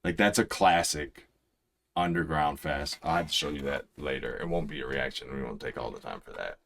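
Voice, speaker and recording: A young man hosting a music reaction, explaining things in an excited, rambling way full of restarts. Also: rumbling low, normal speed, creaky, noisy background. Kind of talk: casual reaction commentary.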